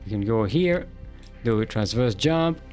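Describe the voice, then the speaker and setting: A man's voice: on the low side, expressive, a little slow, darkish tone, faint music behind. A man streaming a game and commenting casually, rambling and joking and laughing often.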